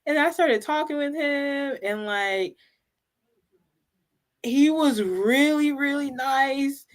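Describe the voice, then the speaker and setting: A woman chatting casually as co-host, telling an animated story with lots of "like" and frequent laughter. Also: high-pitched, slow. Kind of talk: casual fan chat.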